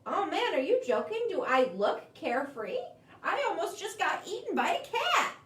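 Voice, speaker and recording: Lady playing a jumpy little bird, high and exasperated, echoey room. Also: wildly swooping pitch, heavily acted. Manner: fast, exasperated. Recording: echoey room, mic at a distance.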